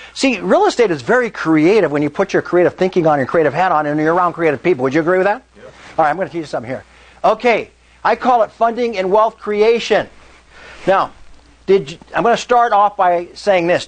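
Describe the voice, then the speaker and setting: A man's voice: high voice, poor audio. A man giving a live real estate seminar talk, telling stories and asking the audience questions. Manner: animated storyteller, asks the room questions. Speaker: meetup speaker.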